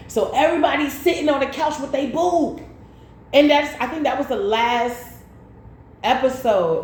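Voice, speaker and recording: A woman tarot reader in casual chat, telling stories in an animated way with slang. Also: medium pitch, normal speed. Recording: echoey room with faint noise.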